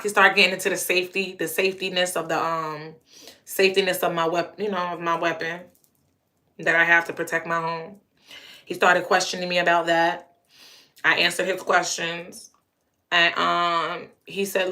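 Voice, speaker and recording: Blunt, bright-voiced woman vlogger. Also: fairly low pitch, flat delivery, unhurried. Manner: blunt and emphatic, with stuttered repeats. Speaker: vlogger telling a personal story. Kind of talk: casual storytelling to camera.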